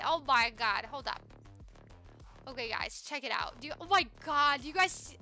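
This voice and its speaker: A young woman live-streaming a game, gushing excitedly and chatting with viewers. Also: high-pitched, moderate pace, faint music behind. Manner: excitable, gushing, talks to chat.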